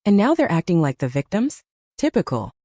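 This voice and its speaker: A woman's voice: lowish voice, big pitch swings, fairly quick, dark tone, dry recording, studio quality. A woman voicing a blunt, protective middle-aged aunt who speaks frankly and indignantly.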